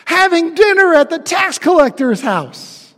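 High-voiced preacher in a reverberant sanctuary. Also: male voice, big pitch swings. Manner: emphatic, with dramatic pauses and swings from loud to hushed. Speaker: pastor. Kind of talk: sermon. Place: church sanctuary. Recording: long reverb of a church hall.

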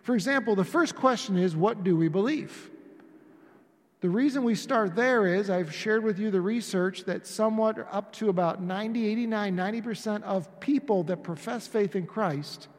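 Speaking at a normal speed in a high-pitched voice, a male pastor preaches conversationally to his congregation. The sanctuary recording echoes like a church hall, and he performs small dialogues throughout.

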